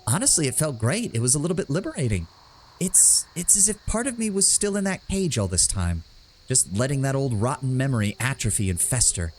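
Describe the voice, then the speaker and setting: A man's voice: mid-range voice, sing-song, a little fast, slight background noise, natural voice. A man putting on a giggly young winged woman. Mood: cheeky. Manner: self-mocking, giggly and teasing.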